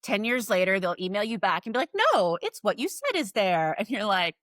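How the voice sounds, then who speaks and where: Animated, casually swearing woman guest. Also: mid-range voice, brisk, no room sound, clean studio sound. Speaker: guest author. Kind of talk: casual podcast interview.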